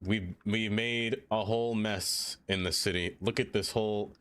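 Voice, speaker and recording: A man's voice: lowish voice, unhurried, clear, resonant tone, soft background music. Chatty man streaming a game. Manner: chatty, laughs often, greets chat by name; playful, easily excited. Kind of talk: casual live-stream chat.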